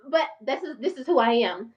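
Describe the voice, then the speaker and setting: Excited country-accented North Carolina woman. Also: sits high, far from the mic, dull audio. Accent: Southern US, North Carolina country. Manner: fast, excitable, passionate tone. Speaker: channel host and therapist. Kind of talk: casual vlog talk to viewers.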